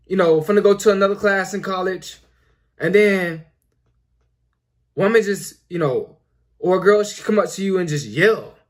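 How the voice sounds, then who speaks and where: Young male host, high voice, preachy and repetitive, filler-heavy casual monologue. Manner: repetitive, preachy, lots of "you know" fillers. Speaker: commentary video host.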